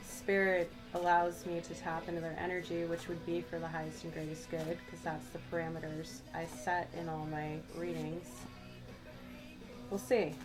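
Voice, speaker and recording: A woman giving a channeled tarot reading, musing aloud and speaking straight to the listener, her voice a little worn. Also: lowish voice. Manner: musing, addresses the listener directly. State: slightly losing her voice. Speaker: tarot reader. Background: background music.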